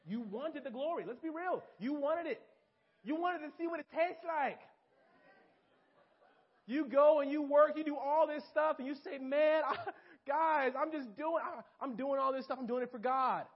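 High-voiced young preacher, lo-fi. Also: male voice, moderate pace. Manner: animated, talks straight to listeners, acts out quotes. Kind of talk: informal sermon. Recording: dull lo-fi recording.

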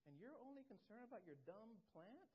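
A woman's voice: a little high, sing-song, brisk, dark tone, slightly rough. A woman preacher voicing God, reasoning earnestly with a sulking prophet through emphatic questions. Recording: dull lo-fi recording.

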